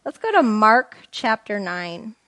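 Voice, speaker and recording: A woman's voice: mid-range voice, big pitch swings, slow, fairly bright tone, no room sound. A woman leads an informal Bible study, talking casually with her group and reading passages aloud. Her voice sits in a middle range for a woman. It sounds dry and close, with no room around it. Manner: conversational, asks the group questions, reads scripture aloud. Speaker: Bible teacher.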